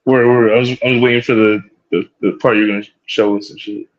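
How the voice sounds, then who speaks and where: A man co-hosting a casual podcast, speaking in a rambling, relaxed, slangy way. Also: fairly low pitch, fast, highs cut off. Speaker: podcast co-host. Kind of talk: casual chat.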